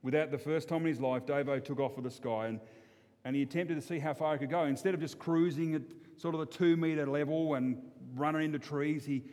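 Australian man, storyteller, folksy, rambling, slightly high voice, long hall reverb. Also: fairly even intonation, fairly quick, darkish tone. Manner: folksy and rambling, many restarts. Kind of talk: told fable.

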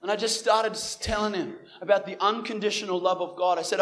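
A young man with a high-pitched voice talks briskly, barely pausing, as he shares a personal faith testimony. He's a Christian evangelist, and he animatedly acts out the dialogue he quotes.

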